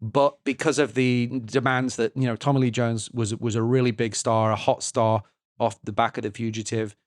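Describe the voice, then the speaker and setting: Podcast co-host, male, mid pitch, analytical and halting, dry close mic. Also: level tone, no echo. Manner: analytical, halting with many restarts. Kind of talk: casual film discussion.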